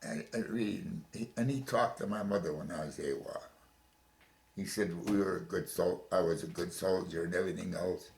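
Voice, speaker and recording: An older man recounts his memories in an interview at home, his very low voice full of gravel. He stops and restarts often, repeating words as he goes. The room gives his voice a noticeable echo. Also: moderate pace, a little mellow. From Chicago, USA. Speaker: veteran interviewee. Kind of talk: oral history interview.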